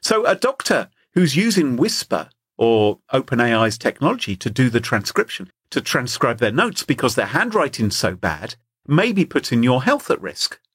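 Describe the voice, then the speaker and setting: A man's voice: medium pitch, big pitch swings, moderate pace, fairly bright tone, slightly rough, no echo, clean studio sound. An Englishman co-hosting a podcast, telling stories in a joking, playful way. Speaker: podcast co-host. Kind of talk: casual comedic chat.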